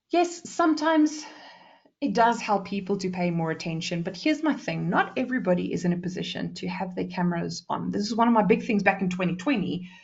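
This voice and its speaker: A woman from South Africa giving a presentation skills workshop, fast and lively, deliberately shifting her pace and loudness. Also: medium pitch, creaky, lo-fi sound.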